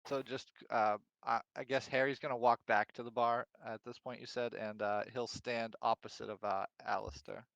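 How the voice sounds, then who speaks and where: Male player, gravelly, dry close sound, hesitant. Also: medium pitch, steady tone, normal speed, few pauses, a bit bright, no room sound, muffled recording. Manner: hesitant, many fillers. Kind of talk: tabletop role-play chat.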